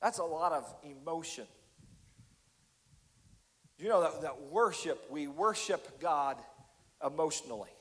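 A man preaching a sermon as pastor, impassioned, swinging from near shouts down to hushed, quiet tones. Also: a little high, lively intonation, measured pace, long pauses. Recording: long hall reverb.

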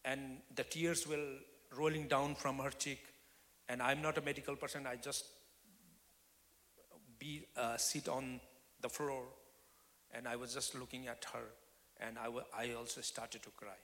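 Man, guest preacher, bright forceful tone, testimony sermon swinging between loud and whispered, church hall reverb. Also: mid-range voice, little pitch movement, a little slow, pauses often. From Nepal. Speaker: guest speaker.

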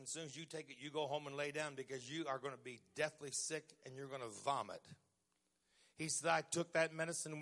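A middle-aged man preaching a sermon, moving from quiet storytelling to loud, emphatic lines with stretched-out words. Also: medium pitch, vocal fry.

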